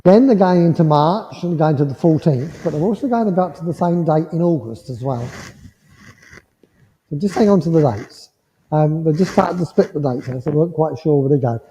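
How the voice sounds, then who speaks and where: A man giving a mediumship demonstration to a congregation, speaking in a gentle, reassuring way and checking in often with the listener. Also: on the high side, a little fast, slight background noise. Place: village hall. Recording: muffled hall sound with long reverb.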